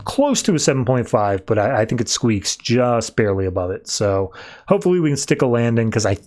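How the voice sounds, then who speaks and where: A man's voice: medium pitch, big pitch swings, a little mellow. A man hosting a podcast, casually recapping a comic book and acting out the characters' quotes. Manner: chatty, acts out quotes in quick voices. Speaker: podcast host.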